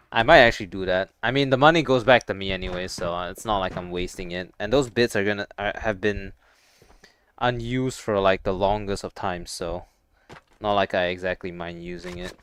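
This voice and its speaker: A man's voice: low-pitched, moderate pace, fairly bright tone, clear, resonant tone. A young man streaming a VR game, chatting casually with viewers in a rambling, stop-start way with some swearing. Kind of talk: casual gaming stream chat.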